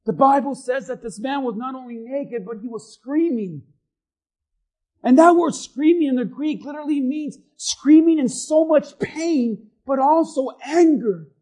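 A man preaching as pastor in a church, swinging between shouted peaks and hushed low passages, acting out the voices of the people he talks about. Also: rough recording. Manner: acts out voices of doubters and accusers. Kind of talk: sermon.

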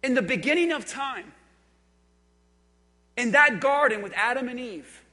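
Male preacher, high bright voice, deliberate pace, hall reverb. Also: animated. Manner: emphatic, repetitive, drops to quiet intensity. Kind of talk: sermon. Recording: echoey hall.

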